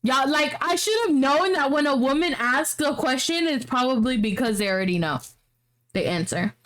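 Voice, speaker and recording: A woman's voice: high-pitched, expressive, normal speed, fairly bright tone. A young woman co-hosting a podcast, retelling a story in a casual, slangy, swearing way. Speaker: podcast co-host.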